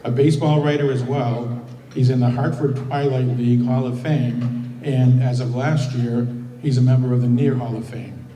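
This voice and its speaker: A man serving as president and emcee, giving a steady, prepared welcome speech at a hall of fame banquet. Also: medium pitch, normal speed. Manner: steady, reading prepared remarks. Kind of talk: formal ceremony speech. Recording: echoey banquet hall from far off.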